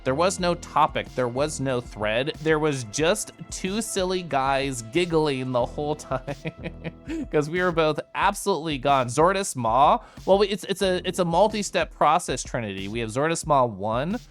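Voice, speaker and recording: Giggly, animated young man streaming. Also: fairly high pitch, a little slow, soft background music. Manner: giggly, animated, chatty with viewers. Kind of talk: casual stream chat.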